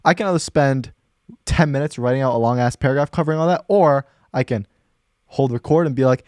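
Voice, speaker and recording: A man's voice: medium pitch, a little fast, no echo, studio quality. A young man hosting a casual podcast chat, telling stories and acting out what people said. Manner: animated storyteller, acts out quotes. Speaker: podcast host.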